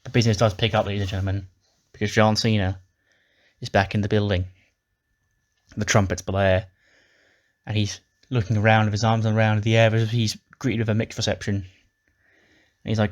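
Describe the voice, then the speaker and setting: Low, flat-voiced man recapping a game. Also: moderate pace, long pauses. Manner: casual, swearing, acts out the characters' lines. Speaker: game commentator. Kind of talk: casual let's-play recap.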